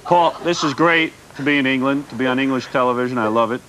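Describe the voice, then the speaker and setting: Brash fast-talking American man. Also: medium pitch, background noise. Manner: brash, needling, deadpan provocations. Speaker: radio host guest. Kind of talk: provocative talk show banter. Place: TV studio.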